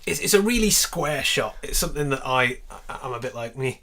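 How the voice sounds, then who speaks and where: A man's voice: medium pitch, animated, fairly quick, sharp tone. A man co-hosting a podcast, talking casually about a film with many fillers, restarts and the odd swear. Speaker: podcast co-host.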